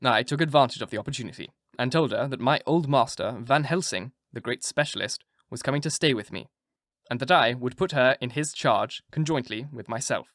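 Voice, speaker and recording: A man hosting and narrating an audiobook, with a relaxed, joking intro and then a steady, clear reading. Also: mid-range voice, brisk, dry recording, studio quality. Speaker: audiobook narrator and channel host.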